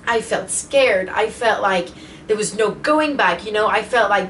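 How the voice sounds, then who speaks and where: A woman recounts a personal story for her vlog, talking casually and emotionally, filling her speech with little fillers. Her voice sits at a middle pitch, with a faint hiss of noise behind it. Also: a little slow, fairly bright tone. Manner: emotional retelling, many fillers. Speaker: vlogger.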